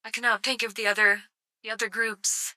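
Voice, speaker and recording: Bright, swearing woman streamer. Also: on the high side, level tone, brisk, dry recording. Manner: sarcastic, swears freely, mock outrage. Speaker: live streamer. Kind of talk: casual live-stream commentary.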